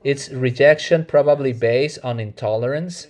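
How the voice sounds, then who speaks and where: Earnest preacher, Mexican Spanish accent. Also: male voice, medium pitch, a little mellow. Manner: earnest, measured preaching with self-corrections. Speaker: pastor. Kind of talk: sermon.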